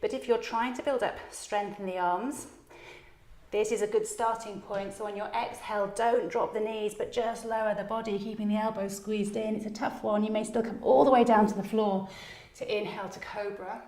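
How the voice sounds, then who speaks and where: A woman teaching a yoga class, calmly and encouragingly cueing each breath and movement, at times slightly out of breath. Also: mid-range voice, normal speed. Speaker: yoga instructor. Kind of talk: guided yoga class instruction. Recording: echoey room.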